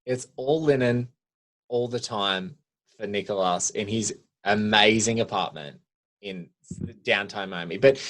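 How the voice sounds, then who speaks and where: Animated man chatting about films. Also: lowish voice. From Virgin Islands. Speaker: podcast co-host. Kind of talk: casual film chat.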